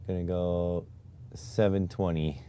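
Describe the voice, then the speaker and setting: A man's voice: low-pitched, flat delivery, takes it slowly, mellow, a little hiss or hum. A man streaming live, muttering to himself and getting exasperated while he fiddles with display settings. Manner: exasperated, keeps sighing oh my God. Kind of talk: casual live-stream talk.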